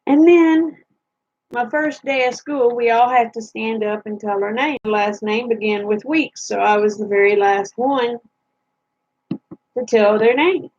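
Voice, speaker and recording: A woman's voice: a little high, unhurried, darkish tone, muffled recording. A woman vlogger telling funny stories from her childhood in a folksy, chatty way. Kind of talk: casual storytelling.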